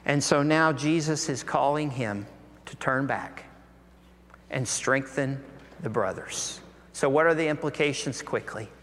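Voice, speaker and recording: A man's voice: medium pitch, unhurried, fairly bright tone, slight background noise. A man preaching a sermon, earnest and full of rhetorical questions, his voice rising when he presses a point. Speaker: pastor. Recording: long hall reverb.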